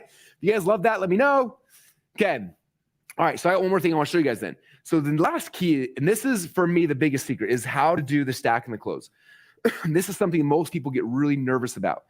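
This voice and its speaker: A man in his forties teaches a live masterclass at a rapid clip. He speaks straight to his viewers with eager energy and slips into quick acted-out quotes. His pitch sits in a plain middle range. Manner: fast, excited, talks to the audience directly, acts out quotes. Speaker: marketing teacher hosting a live online masterclass.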